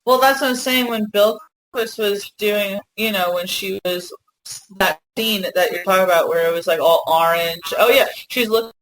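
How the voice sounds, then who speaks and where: A woman co-hosting a fan podcast, talking in an excited, rambling way and swearing freely in a casual discussion. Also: medium pitch, moderate pace, low-quality recording. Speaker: podcast co-host.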